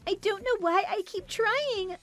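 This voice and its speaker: A woman's voice: very high-pitched, a little slow, fairly bright tone, no room sound, soft background music. A woman voicing a young daughter-in-law in a dramatized story, blunt and talking back. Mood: despondent. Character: young wife, worn down then defiant.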